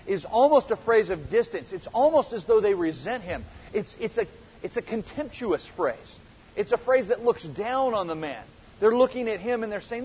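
A man's voice: sits high, animated, normal speed, slight background noise. A man teaching a verse-by-verse Bible lesson, earnest and full of rhetorical questions, often restarting his sentences. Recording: reverberant hall, dull lo-fi sound.

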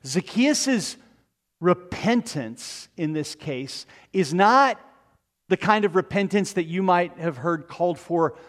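A man preaching a sermon, retelling a story with lively asides to the congregation. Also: high voice, takes it slowly, in a large hall.

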